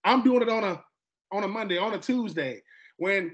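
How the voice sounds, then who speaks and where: A man from Georgia, USA, hosts a casual podcast chat, animatedly acting out quoted dialogue and often repeating and restarting. His voice is high-pitched, his pace moderate, and the sound lo-fi.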